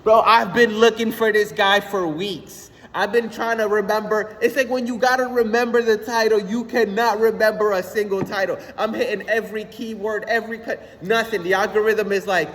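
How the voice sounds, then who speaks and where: A young man ranting casually on his own channel, animated and slangy, swearing often and repeating "son". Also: high voice, normal speed, big-room sound, slight background noise. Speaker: vlogger. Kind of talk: casual rant.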